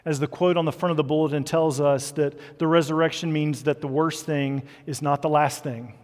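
A man preaching a sermon as pastor, earnest and dropping into soft, quiet emphasis. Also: a little high, fairly even intonation, normal speed. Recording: long hall reverb.

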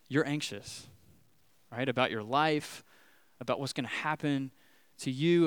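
A man's voice: mid-range voice, fairly bright tone, clean tone, no room sound. A man in his thirties giving a sermon as a pastor, telling a personal story in a loose, chatty way with lots of fillers before turning to the scripture passage. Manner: casual storytelling with many fillers, rising animation when retelling scary moments.

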